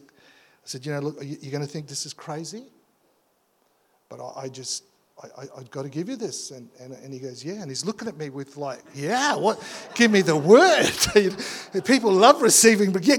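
Man, pastor, sermon in a church, slightly high voice, stammering restarts, lively storytelling.

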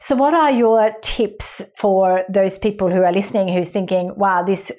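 A woman hosting a podcast, asking questions in an encouraging, gentle way with slightly loose grammar. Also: mid-range voice, moderate pace. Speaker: podcast host. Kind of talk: interviewing.

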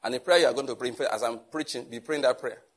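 A man's voice: medium pitch, quick pace. A man preaching a sermon in a conversational way, acting out little dialogues as he teaches. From Nigeria.

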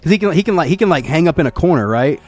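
A man's voice: on the high side, expressive, fast. Laughing, rambling man in casual movie chat. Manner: rambling, repeats words, laughs often, acts out quotes. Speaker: podcast co-host.

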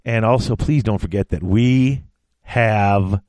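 A man's voice: fairly low pitch, takes it slowly, a little mellow, no echo. A man co-hosting a podcast in casual chat, rambling and restarting his sentences as he goes. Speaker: podcast co-host.

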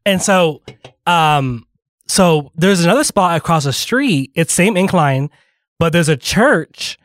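A man's voice: a little high, expressive, slow pace, a bit bright, dry recording, studio quality. A man co-hosting a radio show, telling a rambling story in casual chat, full of fillers and restarts, with a slight lisp from retainers.

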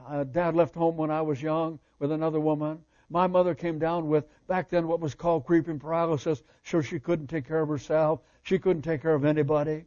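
An older man preaches with fervent, repeated emphasis, his voice high for a man yet dark and mellow. He swings from loud declarations to hushed lines. The recording sounds a little dull and muffled. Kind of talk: sermon.

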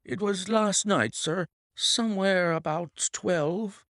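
A man's voice: high voice, slow pace, fairly bright tone, no room sound, studio quality, voice pushed up, heavily acted. A man doing a gasping, frantic butler. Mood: alarmed. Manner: gasping, breathless. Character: frantic male butler bursting with bad news.

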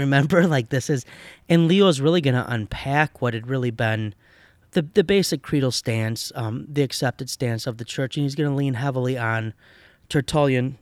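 A man who teaches and once led a parish, explaining church history in a relaxed, chatty way with many fillers and restarts. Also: mid-range voice, moderate pace, dry recording. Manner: conversational, lively, with fillers and self-corrections. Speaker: podcast co-host, pastor and teacher. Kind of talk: casual theological discussion.

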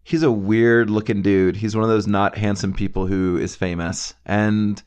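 Laid-back low-voiced man chatting. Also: steady tone, moderate pace, darkish tone, smooth. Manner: laid-back, slangy, says "dude" and "like" a lot. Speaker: podcast co-host. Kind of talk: casual chat reviewing a TV show.

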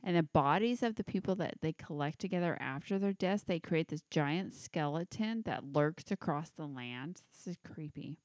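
A woman's voice: deep voice, expressive, normal speed, hardly any pauses, darkish tone, no room sound, studio quality. A woman hosting a podcast, tipsy with hiccups, giggling and swearing as she reads out creepy legends. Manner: giggly, swearing, stumbling over names. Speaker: podcast host. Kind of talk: casual chat, reading a list of creepy legends.

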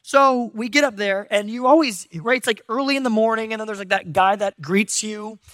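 A man's voice: sits high, a little fast, a bit bright, dry recording. A man from San Diego preaching a sermon in a church, telling stories with joking, self-deprecating humor. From San Diego, USA. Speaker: pastor. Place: church stage.

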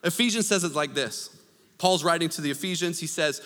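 Man, pastor, sermon, high bright voice, joking asides, loud then hushed, reverberant church hall. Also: fairly quick.

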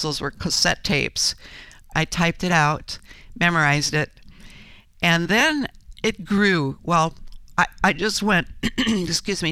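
An older woman telling her story as an interview guest, earnest and halting, with frequent restarts. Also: sits low, pushed and bright, smooth, no room sound. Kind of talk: interview conversation.

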